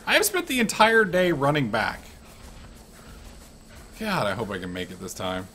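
A man giving casual commentary over his own gameplay, excitable and swearing freely. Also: medium pitch, normal speed. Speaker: let's-play gamer.

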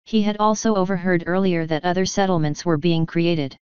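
Woman narrating a story, steady reading, lowish very clear voice, dry dull sound. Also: a little fast, dry recording. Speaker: fanfiction reader. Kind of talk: audiobook-style story narration.

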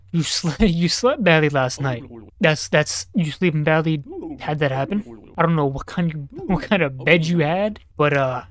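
A man's voice: a little high, slight background noise. A young man giving casual gameplay commentary, joking and talking back to on-screen characters while muttering notes and numbers to himself. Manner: reads numbers and notes aloud under his breath. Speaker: gaming YouTuber.

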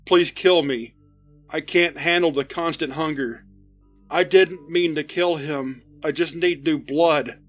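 A man's voice: fairly high pitch, soft background music. A man voicing a starving, pleading monster-man. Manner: slow, soft, begging.

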